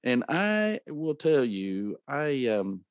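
A man's voice: medium pitch, takes it slowly, dry recording. A man in his fifties from rural America hosts an interview and tells a family story in an earnest, folksy way. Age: 50s. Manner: earnest, folksy, animated when telling a story. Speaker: podcast host.

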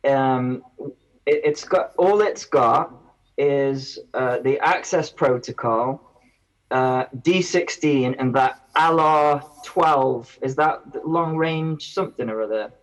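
A man's voice: mid-range voice, slow, poor audio. A man, a guest on a casual podcast, who rambles and often breaks off mid-sentence. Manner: rambling, self-interrupting. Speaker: guest reviewer.

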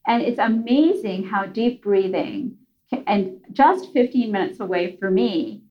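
A woman talks earnestly and at an even, mid pitch, often restarting and dropping into soft asides as she tells a story. The recording sounds a bit dull and lo-fi. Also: measured pace. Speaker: guest parent speaker. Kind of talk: conversational storytelling.

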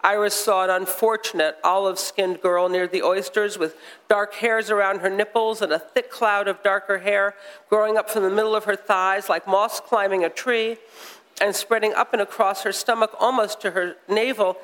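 An American author, a man, reading a passage aloud with measured, wry storytelling, then chatting onstage. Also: sits high, steady tone, a bit bright. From United States. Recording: long hall reverb.

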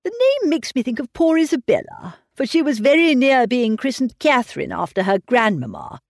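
A woman puts on a fretful, fussy old gentleman in a storybook reading, his worried, plaintive voice swinging up and down in lively turns. His lines are often drawn out slowly, and the sound is dry and close. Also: on the high side, vocal fry, dry recording, voice pushed up, full character voice. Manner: plaintive, sighing, fussing over family. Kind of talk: audiobook reading of a classic novel.

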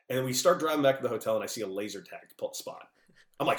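A man, a former ball player, telling stories casually on a podcast over a remote call and acting out the dialogue with lively energy. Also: medium pitch, fast, roomy sound. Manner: animated, jokey, acts out dialogue. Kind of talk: casual storytelling.

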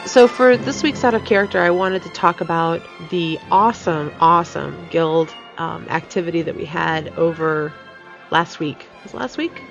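A woman's voice: fairly low pitch, moderate pace, vocal fry, music in the background. A woman hosting a podcast in casual chat, talking chattily with many fillers and frequent laughs. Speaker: podcast host. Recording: dull lo-fi sound.

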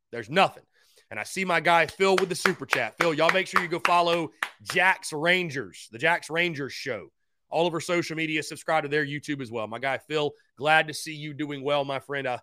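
Bright, energetic male podcast host. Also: on the high side, dry recording, studio quality. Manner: energetic, repeats himself, talks straight to viewers; thanks fans and shouts out supporters by name. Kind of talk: live-stream call-in show chat.

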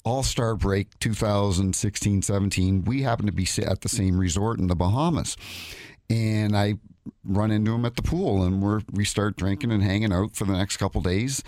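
Chatty retired referee man, low voice. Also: fairly even intonation, a little fast, a little mellow, no room sound, studio quality. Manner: chatty, tells anecdotes, repeats words. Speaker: guest, former NHL referee. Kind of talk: casual radio interview, storytelling. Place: radio studio.

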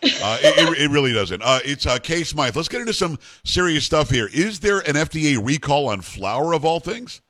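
A man's voice: on the high side, very animated, normal speed, hardly any pauses, pushed and bright, no room sound. A man hosting a talk show, rambling and playful as he puts questions to his guest. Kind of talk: casual interview chat.

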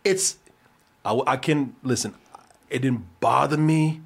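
A man hosting a podcast, chatting casually about a movie, animated and profane, laughing often. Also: medium pitch, takes it slowly, gravelly, slightly rough. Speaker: podcast host. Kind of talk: casual movie review chat.

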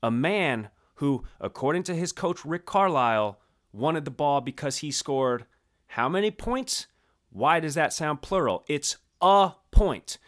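A man co-hosts a casual podcast and recaps a story with playful drama. His delivery swings from hushed to loud, with a lively pitch. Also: measured pace. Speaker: podcast co-host. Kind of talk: casual chat.

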